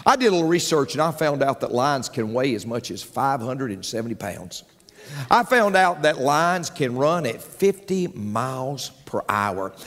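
A man's voice: mid-range voice, fairly bright tone. A man preaching a sermon as pastor, telling folksy jokes and calling out for amens to his congregation. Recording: long hall reverb with faint music.

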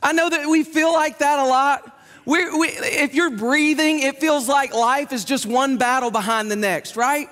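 A man preaching a sermon as pastor, telling stories in lively quick bursts. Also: extremely high pitch. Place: church sanctuary. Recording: long reverb in a church hall with faint music.

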